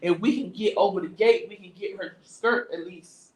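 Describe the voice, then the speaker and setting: A woman casually telling a story on a talk stream, lively and slangy. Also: medium pitch, normal speed, reverberant, rough recording. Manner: lively, animated retelling with slangy asides.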